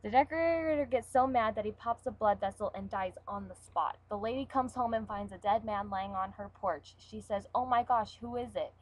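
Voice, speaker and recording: A young woman co-hosting a home web show, reading jokes aloud in an easy, offhand way. She is a bit under the weather, and her voice sits at an ordinary middle pitch, often trailing off quietly at the ends of sentences. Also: normal speed, hardly any pauses, rough recording. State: sick.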